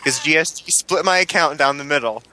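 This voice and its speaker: A man's voice: fairly high pitch, brisk, sharp tone. A man co-hosting a casual podcast, joking and telling stories with acted-out quotes. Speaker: podcast co-host. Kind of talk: casual chat.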